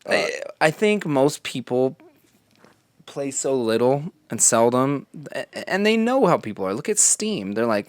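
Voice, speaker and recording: A man co-hosting a casual gaming podcast, rambling and animated, swearing and slipping into quick voices for the people he quotes. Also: mid-range voice, no room sound. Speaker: podcast co-host. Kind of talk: casual chat.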